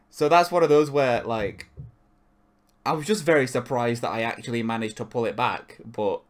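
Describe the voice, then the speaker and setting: A man co-hosting a podcast in casual chat, rambling and cutting himself off, with frequent swearing. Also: medium pitch. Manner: rambling, self-interrupting, swears. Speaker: podcast co-host.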